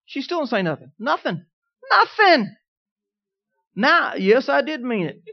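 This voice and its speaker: A man's voice: very high-pitched, big pitch swings, fairly quick, highs cut off. Folksy preacher man, muted sound. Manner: folksy storytelling, swings from quiet to emphatic. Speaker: pastor. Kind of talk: sermon.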